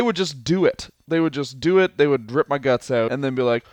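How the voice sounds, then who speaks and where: A man's voice: medium pitch, brisk, no room sound. A man co-hosting a comedy podcast, telling rambling stories with lots of fillers and frequent laughter. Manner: rambling storyteller, laughs often, many fillers. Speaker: podcast co-host. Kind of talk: casual comedic chat.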